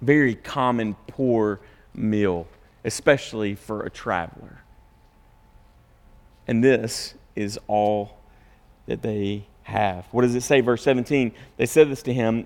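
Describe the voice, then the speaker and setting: A man's voice: mid-range voice, expressive, normal speed, a bit bright, long reverb tail. A man preaching a sermon in a conversational way, asking rhetorical questions and checking in with his listeners. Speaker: pastor.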